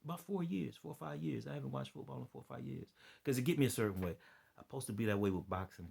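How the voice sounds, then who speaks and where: There's slight background noise as a man with a gravelly, mid-range voice talks fast. Worn out and dead tired, the online preacher and commentator rambles and preaches in an impassioned, unscripted vlog, circling back on himself and appealing to his listeners.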